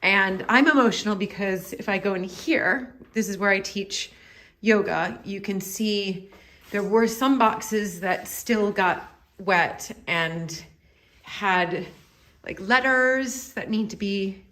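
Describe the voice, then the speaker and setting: A woman's voice: mid-range voice, takes it slowly, fairly bright tone. An American woman hosting a vlog, talking in an emotional, rambling way while filming in a manor house cellar. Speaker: vlog host. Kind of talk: casual vlog talk. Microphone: handheld camera she is filming with.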